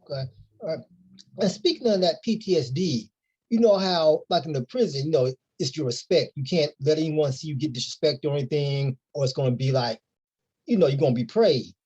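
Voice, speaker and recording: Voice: mid-range voice, fairly quick, darkish tone, husky, dull audio. An interviewer asking questions and adding brief murmured affirmations.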